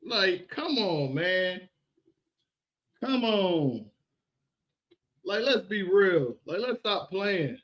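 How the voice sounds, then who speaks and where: A man ranting on a casual livestream, animated and repetitive, often laughing. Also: high voice, drawn-out words, long pauses.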